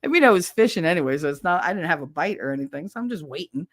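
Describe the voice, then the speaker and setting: Racing through a funny story on her stream, this middle-aged host speaks in an animated, lowish voice, swearing casually and squealing as she mimics other people. The audio has no room sound and is studio quality.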